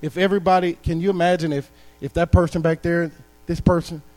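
A man's voice: on the high side, little pitch movement, a little fast, a little mellow, faint music behind. A man preaching a sermon in a church, building to emphatic calls to the congregation. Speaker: guest preacher. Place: church sanctuary.

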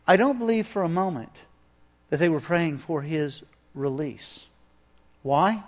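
A man preaching a sermon, telling a story with animated delivery and acting out the scenes. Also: on the high side, unhurried. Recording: echoey hall reverb.

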